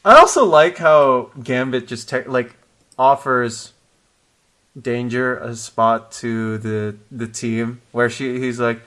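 A man chatting casually as a podcast co-host, his voice sitting at an ordinary middle pitch. He is animated, laughs a lot and breaks off mid-sentence to start over. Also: measured pace. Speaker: podcast co-host discussing comics. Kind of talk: casual chat.

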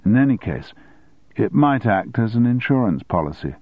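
A man's voice: fairly low pitch, sing-song, moderate pace, dry recording. A calculating teenage schoolboy, polite and composed, never giving too much away, as a male narrator reads him. The voice comes through dry and narrow, like a phone line. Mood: guarded.

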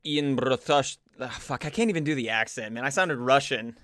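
Podcast guy protesting and cussing, pitch jumping around a lot. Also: fast talker. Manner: animated, profane, protesting. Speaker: podcast co-host. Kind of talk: casual chat.

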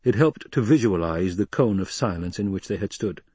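A man narrating an audiobook in an even, measured storytelling manner. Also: low voice, slightly rough, no echo. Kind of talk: scripted narration.

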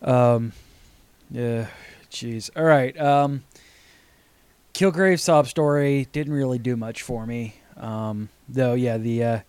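A man co-hosting a casual podcast, talking in an animated, exasperated way and laughing often. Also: medium pitch, takes it slowly, clear, resonant tone, no echo. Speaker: podcast co-host. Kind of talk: casual chat.

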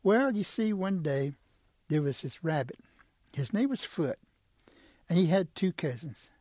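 Animated male storyteller, slightly husky. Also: a little high, measured pace, no echo, studio quality. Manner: animated, rhythmic, playful, stumbles on words. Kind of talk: oral storytelling.

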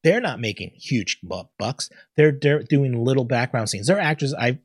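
A man's voice: medium pitch, lively intonation, moderate pace, breathy edge, no room sound, studio quality. A man hosting a casual solo talk show, ranting bluntly and swearing freely about the news. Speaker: podcast host.

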